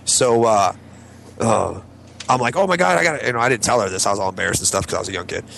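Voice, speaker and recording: A man co-hosting a casual chat, telling gross stories in an animated, profane way and acting out the voices. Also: on the low side, fast, vocal fry, slight background noise. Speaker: co-host.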